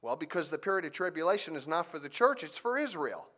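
A male pastor preaching a sermon in a slightly high voice. He moves from storytelling into scripture teaching, pressing his key points with animated emphasis. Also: fast.

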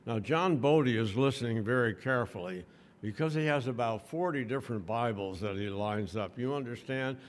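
Older male preacher from the United States, mid-pitched, folksy and conversational with the congregation. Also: normal speed. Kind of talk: sermon. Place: church.

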